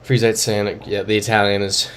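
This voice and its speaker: A man's voice: fairly low pitch, level tone, normal speed, a bit bright, a little hiss or hum. A young man streaming a geography guessing game, thinking aloud and reading chat messages in a casual, muttering way. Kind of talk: casual live-stream commentary.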